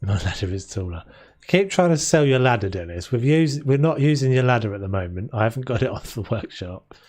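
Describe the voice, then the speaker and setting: A man's voice: medium pitch, expressive, fairly quick, a little mellow. Young man, game streamer, rambling chatter, bouncy intonation, faint music behind. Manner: rambling, chatty, talks to chat and laughs often. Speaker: live streamer playing a renovation game. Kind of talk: casual gameplay commentary.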